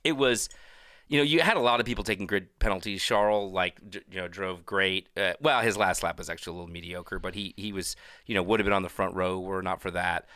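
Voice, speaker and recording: A man's voice: sits low, fast, no room sound, studio quality. A man co-hosting a casual motorsport podcast, talking in a loose, rambling way with lots of fillers. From Texas. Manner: relaxed, rambling with many fillers. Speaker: co-host, F1 analyst.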